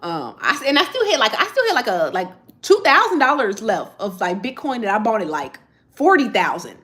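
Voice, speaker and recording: A woman's voice: on the high side, big pitch swings, fairly quick, fairly bright tone. A woman, chatting casually on a livestream and answering viewer comments as she rambles. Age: 30s.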